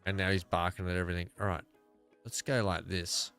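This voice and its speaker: A man's voice: sits low, level tone, fairly quick, a bit bright, clean tone, soft background music. An Australian man giving casual, rambling gameplay commentary, thinking aloud as he plays. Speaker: gaming video creator.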